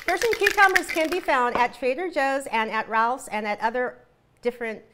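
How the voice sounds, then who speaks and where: Bubbly high-voiced woman cooking host. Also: normal speed, noisy background. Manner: bubbly, giggly, chatty. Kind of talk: live cooking demonstration.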